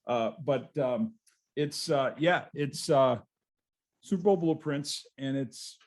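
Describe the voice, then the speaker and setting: A man's voice: medium pitch, slow pace. A man, a guest author, telling stories in a casual interview over a video call, rambling and restarting his sentences.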